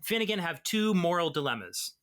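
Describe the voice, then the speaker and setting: A man's voice: a little high, very animated, a little fast, fairly bright tone, a little hiss or hum. A man co-hosting a podcast, breaking down a comic's story in articulate casual chat, swearing freely. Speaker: podcast co-host.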